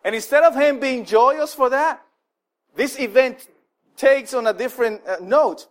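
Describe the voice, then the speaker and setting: This sermon comes from a male pastor whose voice sits high and whose pace is measured. His style is loose and conversational, with frequent fillers and restarts, and he animatedly performs the voices of those he quotes.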